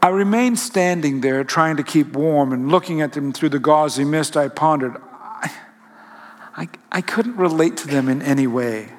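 A man telling a reflective first-person story in a musing, halting way, often correcting himself. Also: fairly high pitch. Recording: long hall reverb.

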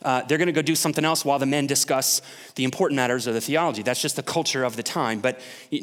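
A man's voice: medium pitch, a bit bright, big-room sound. A male pastor preaching a sermon in a conversational way, often asking the congregation questions.

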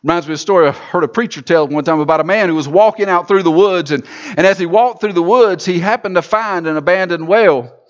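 Pastor delivering a sermon: high-pitched man, rhythmic and repetitive, dull church recording. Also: quick pace. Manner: rhythmic, repetitive preaching with rising emphasis.

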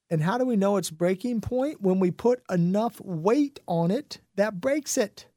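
A middle-aged man talking slowly on a radio health show, folksy and a bit preachy, asking his listeners question after question. His voice is mellow and rounded, and it sounds dry and close, with no room around it. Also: high voice, dry recording. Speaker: radio health and wellness host. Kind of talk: radio talk monologue.

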